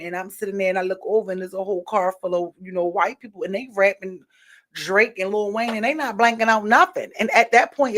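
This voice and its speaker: A woman vlogger giving her frank opinions in a casual monologue, rambling with lots of fillers and restarts. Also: on the high side.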